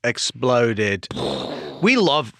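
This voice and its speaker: A man's voice: mid-range voice, sing-song, no echo. Earnest man hosting a podcast. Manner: earnest and warm, a bit halting. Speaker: podcast host. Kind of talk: casual podcast chat.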